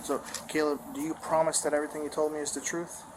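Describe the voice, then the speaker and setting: A female police officer with a low voice, asking calm, patient questions and moving along quickly. She is picked up by a body-worn camera, and the audio comes through with heavy background noise. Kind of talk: bodycam interview and reading of rights. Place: outdoors at a police scene.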